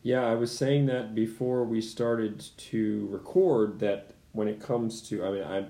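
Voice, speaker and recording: A man's voice: fairly low pitch, fairly even intonation, a little slow, dark tone. A man hosting a podcast interview, asking questions and thinking aloud with restarts and fillers. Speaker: podcast host. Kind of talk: casual interview talk. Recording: echoey room.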